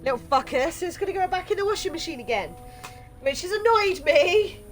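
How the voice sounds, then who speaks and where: A woman's voice: very high voice, animated, fairly quick, soft background music. A woman streaming a game playthrough, reading its text aloud and chatting casually, swearing now and then.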